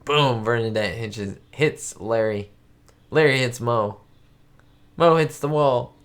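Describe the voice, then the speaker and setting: A man's voice: medium pitch, takes it slowly. Giddy man hosting a live reaction stream. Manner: giddy, laughs often, exclamatory; chats directly to viewers. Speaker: channel host.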